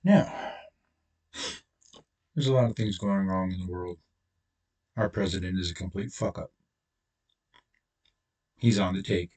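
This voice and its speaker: Male channel host, combative profane ranter, lowish husky voice. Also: unhurried, pauses often, darkish tone, far from the mic. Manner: profane, blunt, confrontational. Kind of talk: angry solo rant to camera.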